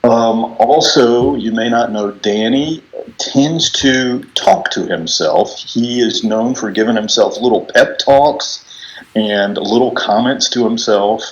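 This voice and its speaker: A middle-aged man telling a relaxed story about a coworker in a farewell speech on a video call, with many fillers and restarts. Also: mid-range voice, takes it slowly, highs cut off.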